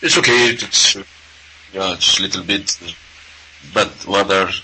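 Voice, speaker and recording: Earnest caller, halting second-language English. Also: male voice, low voice, sharp tone, a little hiss or hum, rough recording. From Arab world. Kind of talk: call-in conversation.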